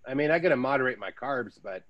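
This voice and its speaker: American guy, podcast host, chatty storyteller, easygoing mid-pitch voice. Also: quick pace, highs cut off. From United States. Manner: chatty storyteller, lively asides. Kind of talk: casual chat.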